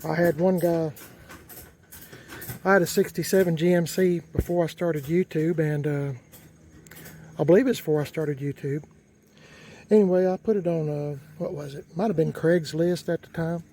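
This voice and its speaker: A man with a drawl rambles through a story in a folksy way, full of fillers and restarts. His voice sits a bit high for a man. Faint outdoor ambience runs behind him. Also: fairly even intonation, moderate pace, pauses often, mellow, a little hiss or hum, rough recording. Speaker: vlogger. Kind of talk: casual storytelling.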